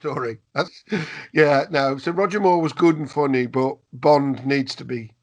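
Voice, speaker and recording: A man's voice: medium pitch, a little slow. A man co-hosting a podcast in casual chat, jokey and chatty, with frequent restarts. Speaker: podcast co-host.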